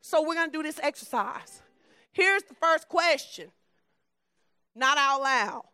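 Woman preacher, conversational sermon; bright, forceful tone, emphatic delivery that drops to a soft low voice. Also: animated, measured pace, dry recording.

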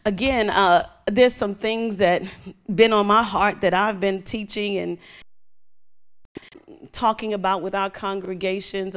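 Woman pastor, middle-aged, lively storytelling sermon, mid-pitched voice. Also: creaky. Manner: animated storytelling, acting out voices with laughter.

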